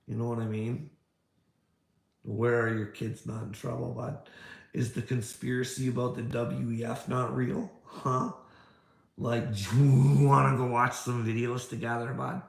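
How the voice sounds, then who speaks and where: Unhurried and showing little pitch movement, a man with a mid-range, fry-tinged voice rants at a critic in a reverberant space. The video creator is combative, cursing frequently, asking rhetorical questions and repeating "bud" and "you know what I mean."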